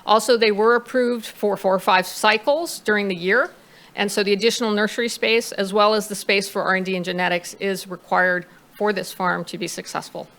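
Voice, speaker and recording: Bright-voiced woman presenting to a commission. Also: mid-range voice, fairly even intonation, fairly quick. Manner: reads out figures, with some fillers. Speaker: consultant.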